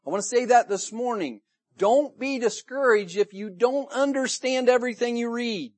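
A man preaching a sermon to his church, retelling the story in a lively way and acting out the people he quotes. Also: very high voice, moderate pace, dry recording. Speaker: pastor. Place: church service room.

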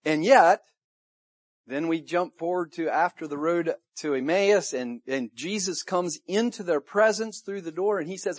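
A man preaching a sermon to his church, retelling the story in a lively way and acting out the people he quotes. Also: on the high side, unhurried, no echo. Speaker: pastor. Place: church service room.

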